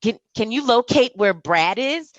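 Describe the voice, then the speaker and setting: A woman as a podcast guest, speaking in casual conversation, animated and storytelling, mimicking the voices of people she talks about. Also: fairly high pitch, measured pace, no echo, muffled recording.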